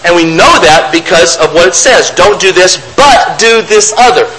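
A man's voice: high voice, expressive, normal speed, noisy background. A man preaching a sermon, reading scripture aloud and then explaining it with rhetorical questions. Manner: mocks opponents' arguments in a raised voice.

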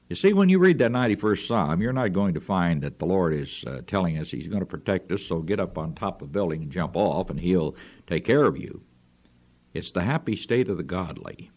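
A man's voice: sits low, a little mellow. A man preaching a radio sermon in an earnest, folksy way.

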